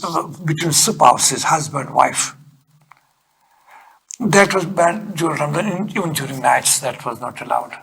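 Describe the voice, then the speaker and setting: Gravelly older man teaching scripture. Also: fairly bright tone. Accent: Kashmiri. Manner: earnest, rises sharply on emphasis, drops low for prayers. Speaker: Quran teacher. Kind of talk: religious lecture.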